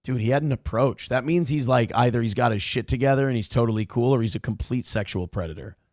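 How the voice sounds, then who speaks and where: A man's voice: mid-range voice, quick pace, a little mellow, no room sound, studio quality. A man co-hosting a casual morning show, cracking jokes and reading viewer donations aloud. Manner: wisecracking, reads chat messages aloud.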